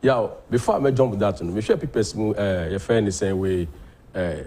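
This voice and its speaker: A Ghanaian man hosting a political talk show, delivering animated commentary that mixes Twi and English. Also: lowish voice, normal speed. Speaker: host.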